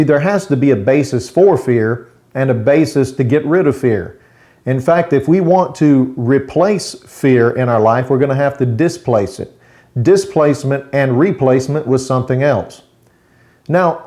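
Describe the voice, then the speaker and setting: Pastor guy doing a short daily devotional, folksy and easygoing, mid-pitched voice, slows down to hit the big points. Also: mellow. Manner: plain conversational preaching with folksy asides.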